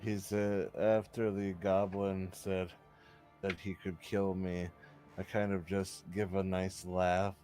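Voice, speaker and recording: A man playing a tabletop game, describing his character's moves in a relaxed, halting way. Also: low voice, soft background music. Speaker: player.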